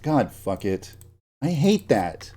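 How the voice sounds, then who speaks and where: A man streams his game development work with a warm, mid-range, sing-song voice at a slow pace, over slight background noise. He rants and grumbles to himself, swears often, mocks himself, and laughs at his own jokes.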